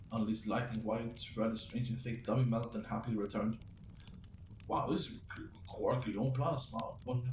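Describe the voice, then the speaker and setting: A man's voice: medium pitch, a little mellow. A man reading his own fantasy story aloud, stumbling and restarting words as he goes. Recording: roomy, distant mic with faint noise.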